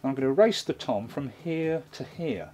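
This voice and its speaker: A man's voice: medium pitch, lively intonation, moderate pace, a little mellow, faint music behind. A man giving a hands-on tutorial, explaining a drum machine's sequencer step by step while he plays it. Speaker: music gear reviewer.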